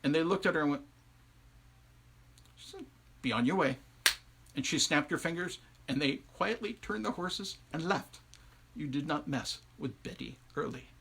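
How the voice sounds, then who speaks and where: A man telling a folktale live, conversational and animated, with asides to his listeners. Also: fairly high pitch, normal speed, gravelly, a little hiss or hum. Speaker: storyteller. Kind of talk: oral folktale telling on a livestream.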